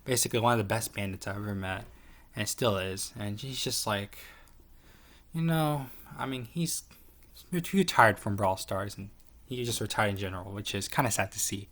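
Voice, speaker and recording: A man's voice: on the low side, lively intonation, moderate pace, fairly bright tone. Give me a rambling, profane guy ranking his online friends. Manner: rambling, profane, lots of fillers and restarts. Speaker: tier list commentator. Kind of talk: casual profane commentary.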